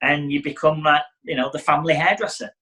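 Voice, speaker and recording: A man's voice: fairly high pitch, fast, pushed and bright, rough recording. Chatty man teaching hairdressing. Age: middle-aged. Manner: chatty, acts out client dialogue. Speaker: hairdressing educator. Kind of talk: casual teaching talk.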